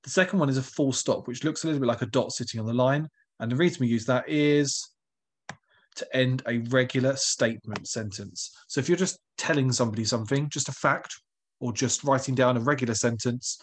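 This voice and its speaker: A man's voice: medium pitch, brisk, husky. A male primary school teacher, giving a recorded online lesson in a patient, encouraging way and asking the pupils questions.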